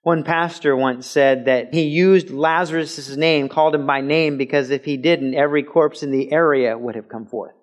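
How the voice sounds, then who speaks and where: A man preaching in a church sanctuary, teaching in a conversational way and breaking into loud shouted quotes now and then. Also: a little high, steady tone, normal speed, few pauses. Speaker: pastor. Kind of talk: sermon. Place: church sanctuary with a mic system.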